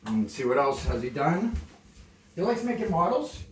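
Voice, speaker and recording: A man from Canada, chatting calmly and softly to the camera while cooking in his home kitchen, rambling off into asides. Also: fairly high pitch, slight background noise. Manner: deliberately soft and calm, rambling asides. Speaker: cooking vlogger. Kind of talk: casual cooking chat to camera. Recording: echoey kitchen, mic from far off.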